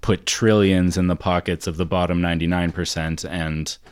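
Man, very deep voice, measured, casual, chatty, filler words, dry close mic. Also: flat delivery, smooth, dry recording. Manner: measured, conversational, uses lots of fillers. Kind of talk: casual political debate.

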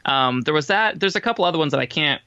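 A man's voice: a little high, animated, quick pace, pushed and bright, smooth, no echo, muffled recording. A man chatting casually about a film, loose and rambling with lots of fillers. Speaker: podcast co-host.

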